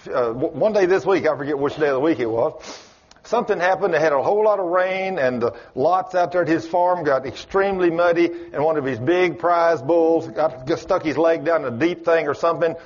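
A man's voice: fairly high pitch, brisk, lo-fi sound. A man preaching a sermon, telling stories in a folksy way and acting out the conversations he quotes. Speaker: pastor. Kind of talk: sermon with storytelling.

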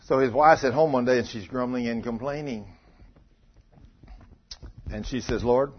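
A man's voice: medium pitch, normal speed, pauses often. A man preaching a folksy, conversational sermon and acting out the voices he quotes. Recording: muffled lo-fi recording.

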